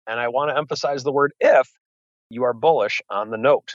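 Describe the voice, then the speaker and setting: A man, a wealth manager guest, explaining a trading strategy in a measured way with frequent hesitations, on a dull lo-fi line. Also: medium pitch, no room sound.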